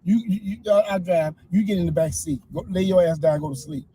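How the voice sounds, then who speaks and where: A man in a comedy skit, a frantic passenger who rants and yells, swearing constantly. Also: high-pitched, quick pace, husky, low-quality recording. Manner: frantic, profane, yelling.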